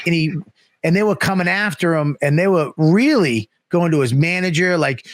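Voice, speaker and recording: A man's voice: on the high side, normal speed, no echo, studio quality. A man telling a casual, profane story, acting out the people he quotes. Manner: profane, animated, acts out quotes. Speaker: guest comedian.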